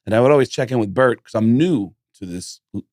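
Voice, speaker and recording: A man's voice: medium pitch, a little fast, no echo, clean studio sound. A man telling comedy stories in casual chat, acting out the voices of the people in them. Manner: animated storyteller who acts out voices. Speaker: guest comedian.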